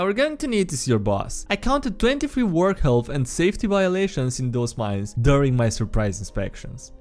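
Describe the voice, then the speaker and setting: A man reading tabletop game stories aloud and commenting on them, laughing often between lines. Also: a little high. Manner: laughs often, animated asides.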